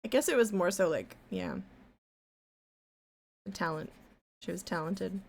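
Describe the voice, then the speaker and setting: A woman's voice: fairly low pitch, very animated, measured pace, creaky. Chatty woman streamer rambling while drawing. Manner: rambling, chatty, swears casually, hums to herself. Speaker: live-stream artist.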